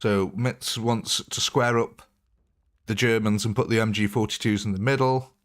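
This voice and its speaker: A gaming livestreamer with a fairly low voice narrates his play at a moderate pace with fairly even intonation. He's chatty and rambling, thinking aloud, tossing in small asides and chuckling often.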